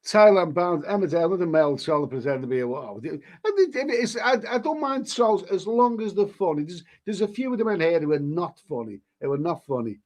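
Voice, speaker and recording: A man's voice: high-pitched, expressive, a little fast, hardly any pauses, a little mellow. A middle-aged man hosting a casual live stream, sniffling with hay fever, blunt and crude, swearing freely and stammering as he reads viewer comments. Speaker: YouTube host reading live chat.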